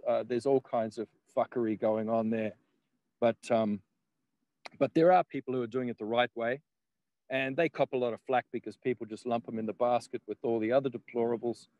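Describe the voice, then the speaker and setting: A man talking as a guest in a loose, rambling way, peppered with laughs and swearing. His voice sits at an ordinary middle pitch. The sound is dry and close. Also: darkish tone, dry recording, muffled recording. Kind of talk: casual conversation.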